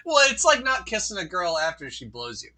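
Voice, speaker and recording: A man's voice: sits high, huge pitch swings, a little fast, sharp tone, poor audio. A man co-hosting a crude comedy podcast, rambling through stories in a loose, conversational way. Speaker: podcast co-host.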